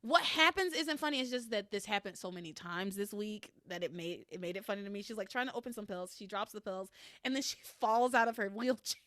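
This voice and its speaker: A woman hosting a podcast, recapping episodes in a casual, animated way, laughing often and swearing freely. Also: mid-range voice, brisk, no room sound, clean studio sound. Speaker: podcast host recapping a soap opera. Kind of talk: casual chat.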